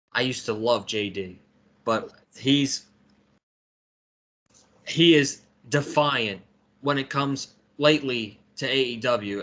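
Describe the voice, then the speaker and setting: An American man co-hosting a casual wrestling podcast, giving measured opinions. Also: medium pitch, sharp tone. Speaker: podcast co-host.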